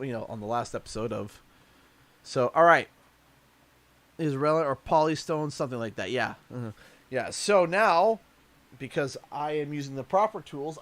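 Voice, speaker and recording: A young adult man from Canada, chatting casually and jokingly on a livestream while unboxing, rambling and easily excited. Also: on the high side. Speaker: streamer.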